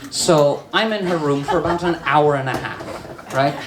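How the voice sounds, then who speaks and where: A trans woman performing a stand-up comedy set in a bar, telling stories with deadpan asides. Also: low voice, moderate pace. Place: bar with live audience. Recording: roomy bar recording with crowd laughter.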